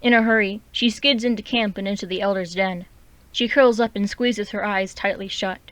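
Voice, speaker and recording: A woman reading her own story aloud as a steady, clear narrator. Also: medium pitch, moderate pace, no echo.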